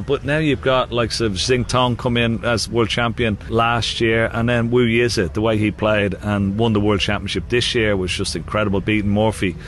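A man's voice: on the low side, slight background noise. A man with an Irish accent, a guest chatting casually in a radio interview, laughing often and using many fillers. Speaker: guest, former sports champion.

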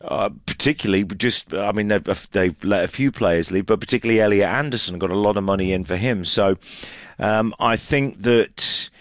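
A man's voice: on the low side, moderate pace, dry recording, studio quality. Chatty man reporting on football. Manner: chatty, many fillers and restarts. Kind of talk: casual match analysis on radio.

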